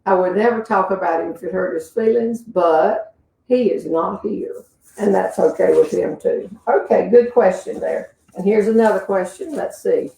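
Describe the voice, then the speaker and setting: A Southern woman spins casual comic stories with a folksy, chatty manner and quick asides. Her voice has a gravelly texture. She sits well back from the microphone in a roomy, echoing space. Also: mid-range voice, warm tone, far from the mic. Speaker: humorist answering audience questions.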